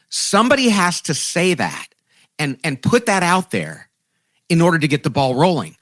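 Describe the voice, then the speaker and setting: Animated man telling a story. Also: fairly high pitch, normal speed, dry recording. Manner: animated, self-deprecating, acts out quoted voices. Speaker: guest author. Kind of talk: conversational storytelling.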